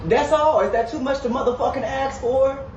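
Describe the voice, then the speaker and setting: Man doing a worn-out mom, yelling, cursing, high-pitched, distant noisy skit audio. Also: normal speed, echoey room, lo-fi sound. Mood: angry. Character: furious overworked mother scolding her kids.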